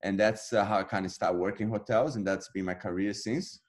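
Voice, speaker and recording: A man in his thirties, a guest on an interview, telling his story casually and acting out past conversations with lively energy. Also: lowish voice, a little fast. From Brazil. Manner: animated, acts out his own past dialogue. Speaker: interview guest, jiu-jitsu black belt.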